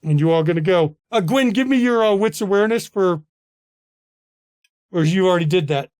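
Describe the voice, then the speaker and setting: A man narrating as game master in a tabletop role-playing game, relaxed and full of fillers. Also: high voice, normal speed, clear, resonant tone, no echo, clean studio sound.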